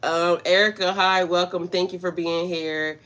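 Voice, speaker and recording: A woman's voice: on the low side, fairly even intonation, a little slow, a bit bright. A woman spiritual coach talking casually on a livestream, laughing often and greeting her viewers by name. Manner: loose, chatty storytelling.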